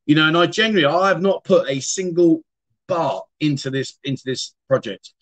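A man's voice: fairly high pitch, fairly quick, fairly bright tone. Chatty British man hosting a livestream. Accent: British English. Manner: chatty and self-deprecating, trails off and restarts. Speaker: livestream host. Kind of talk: casual livestream chat reading viewer comments. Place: home streaming room.

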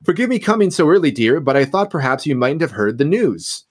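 A man's voice: a little high, sing-song, brisk, slightly rough. A man reading aloud and voicing an elderly village spinster who is eagerly spreading gossip.

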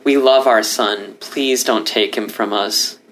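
A man's voice: on the low side, steady tone, slow pace, fairly bright tone, a little hiss or hum, low-quality recording. A man voicing a grieving older male fox father who begs with emotion. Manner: emotional, begging.

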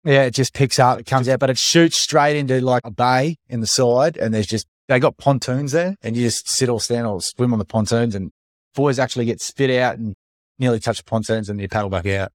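An energetic Australian man hosting a casual podcast interview, talking bluntly with some swearing and calling his guest mate. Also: mid-range voice, a little fast, dry recording. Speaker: podcast host.

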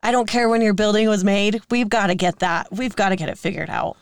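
Woman, 30s, podcast co-host, candid and emotional storytelling, smooth voice, dry sound. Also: medium pitch, dry recording. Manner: emotional, earnest, quick to laugh.

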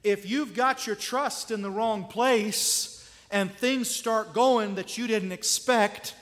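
Male preacher, conversational sermon with rhetorical questions, unhurried delivery. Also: high voice, a bit bright, big-room sound.

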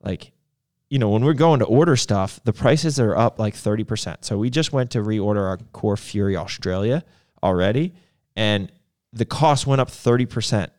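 A man's voice: lowish voice, normal speed, darkish tone. A man co-hosting a casual live show, telling long stories with lots of fillers. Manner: rambling storyteller with many fillers. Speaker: podcast co-host. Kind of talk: casual chat.

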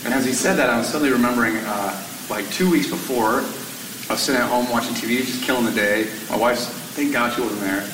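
A man, a firefighter, tells his story to an audience in an animated way, his voice climbing toward a near-shout when he gets exasperated. He sounds distant from the mic. A roomy hall echo surrounds him, with faint background noise. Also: medium pitch, quick pace.

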